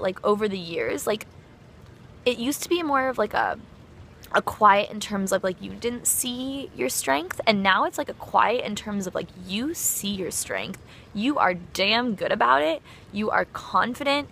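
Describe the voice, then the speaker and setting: A woman's voice: medium pitch, a bit bright, slight background noise. A young woman recording a heartfelt, rambling birthday message for a close friend on her phone, full of fillers and effusive praise. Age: young adult. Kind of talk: heartfelt personal video message.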